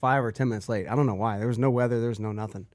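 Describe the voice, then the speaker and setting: A man's voice: medium pitch, fairly even intonation, very fast, darkish tone, no room sound, clean studio sound. A man co-hosting a podcast, chiming in eagerly during a casual chat. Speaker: podcast co-host.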